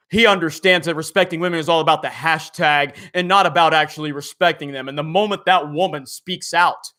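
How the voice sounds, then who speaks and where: Smug, preachy prig put on by a man, hoarse, slow and mock-righteous; higher pitch. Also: sharp tone.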